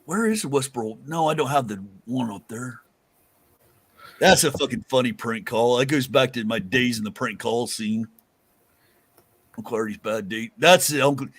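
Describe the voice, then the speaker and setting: A man's voice: medium pitch, normal speed, fairly bright tone, breathy edge, no echo. A man hosting a podcast in casual, rambling chat, swearing freely. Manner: rambling, profane, loose. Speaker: podcast host.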